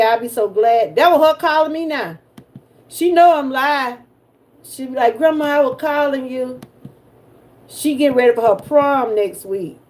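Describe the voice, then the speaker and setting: An older grandmother with a Southern US accent hosts a relaxed livestream, talking straight to her viewers. Her voice sits a little high for a woman, and her manner is folksy and familiar. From Georgia, US. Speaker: livestream host. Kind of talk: casual livestream chat.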